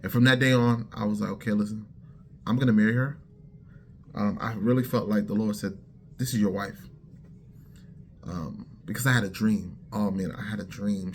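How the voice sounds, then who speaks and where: Lower-voiced man telling a personal testimony, lively and direct with listeners, acts out quoted lines. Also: gravelly, slight background noise. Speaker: testimony speaker.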